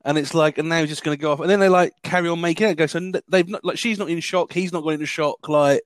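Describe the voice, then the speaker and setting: A man in a casual film review chat, rambling and animated, laughing often. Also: a little high, fast, dry recording.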